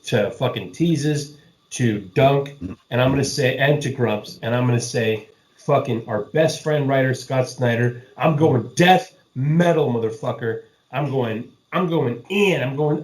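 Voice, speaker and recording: A man's voice: mid-range voice, measured pace, a little mellow, roomy sound, low-quality recording. A man hosting a casual podcast chat, talking loosely and swearing often while he laughs with friends. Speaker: podcast host.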